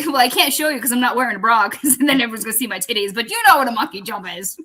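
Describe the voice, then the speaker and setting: A woman's voice: fairly high pitch, rapid-fire, over a noisy crowd. A woman working as a veterans director, telling stories and ranting with frequent swearing, acting out the voices of people in her stories. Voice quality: bright, expressive, swears freely. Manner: acts out both sides of conversations, laughs often. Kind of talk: profane animated storytelling and ranting.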